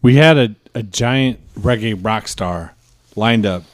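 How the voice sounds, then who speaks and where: A man's voice: fairly low pitch, takes it slowly, no echo. Teasing man co-hosting a podcast. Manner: teasing, crude. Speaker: podcast co-host. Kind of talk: casual podcast banter.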